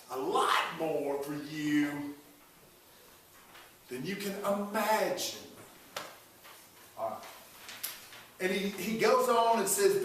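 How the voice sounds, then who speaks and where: A man preaching in a slow, unhurried way with a slightly high voice, teasing his listeners between points. His words ring through a big echoey room, picked up from some distance with faint background noise. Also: a bit bright. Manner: folksy, joking asides to the congregation. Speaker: pastor. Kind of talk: sermon.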